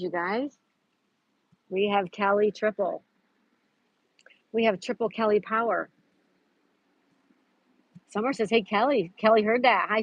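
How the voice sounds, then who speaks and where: A woman hosts a relaxed live stream from a park and reads viewer comments aloud in an easy, chatty way. She greets people by name and laughs often. The sound is close and dry, with the dull, narrow tone of a phone stream. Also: medium pitch, breathy edge, no room sound. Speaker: livestream host. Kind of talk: casual live chat reading viewer comments. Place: outdoors at a park.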